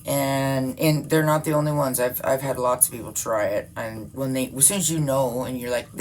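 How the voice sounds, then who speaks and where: A woman's voice: rumbling low, normal speed, slight background noise. A woman in her fifties chatting casually to her viewers, swearing freely and laughing often. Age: 50s. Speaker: vlogger. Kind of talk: casual rambling chat.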